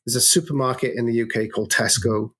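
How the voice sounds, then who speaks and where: A man, an agency co-founder, talking as a guest in a business interview with an animated, storytelling manner and frequent restarts. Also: mid-range voice, fast, husky.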